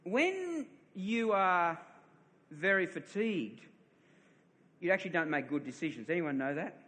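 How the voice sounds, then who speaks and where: A man's voice: high-pitched, big pitch swings, unhurried, fairly bright tone. A man, middle-aged, preaching a sermon as a pastor, telling a story with many repeated words and laughing at himself. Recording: long reverb of a large hall.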